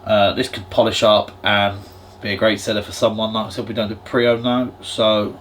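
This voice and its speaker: A man's voice: fairly low pitch, little pitch movement, normal speed, fairly bright tone, a little hiss or hum. A man, a jeweller chatting casually as he walks through prices and gold tests in his shop. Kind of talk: casual explaining to camera and customer.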